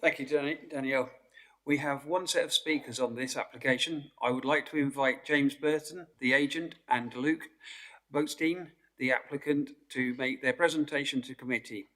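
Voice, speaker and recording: A man's voice: mid-range voice, steady tone, normal speed, fairly bright tone, low-quality recording. Male committee chair, formal. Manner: formal, procedural. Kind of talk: chairing a meeting. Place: council meeting chamber.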